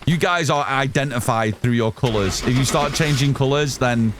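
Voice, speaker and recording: A loud, excitable man, chatting casually with his live-stream chat while gaming and swearing freely. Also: mid-range voice, moderate pace, background noise.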